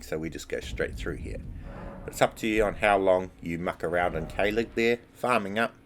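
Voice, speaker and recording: A man casually narrating a game walkthrough over gameplay in a relaxed, chatty way. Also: low-pitched, slight background noise, rough recording. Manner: relaxed, chatty, repeats filler words like "obviously".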